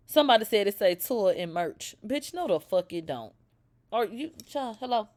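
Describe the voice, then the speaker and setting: Reading viewer comments aloud at a moderate pace, a thirtysomething woman runs a live stream about celebrity gossip. Her reactions are animated and full of swearing, ranging from a low drawl to abrupt shrieks.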